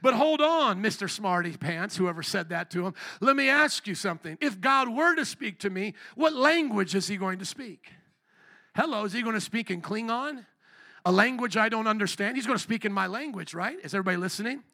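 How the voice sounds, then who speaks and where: Bright-voiced, gravelly preaching man. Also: high voice, a little fast. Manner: energetic preaching, questions and call-and-response with the congregation. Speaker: pastor. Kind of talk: live sermon. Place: church sanctuary.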